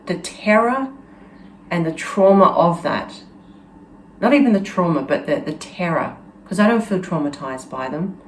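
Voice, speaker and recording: Low-pitched woman host, earnest and halting storyteller, echoey room. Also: a little hiss or hum. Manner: halting, earnest, full of restarts and fillers. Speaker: channel host. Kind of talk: personal storytelling monologue. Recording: roomy echo with faint ambience.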